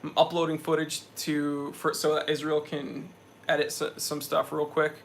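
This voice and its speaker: A man's voice: fairly high pitch, monotone, normal speed, creaky, slight background noise. A young man hosting a casual live stream, sweaty after a hike, talking with energy as he reads out viewers' chat messages.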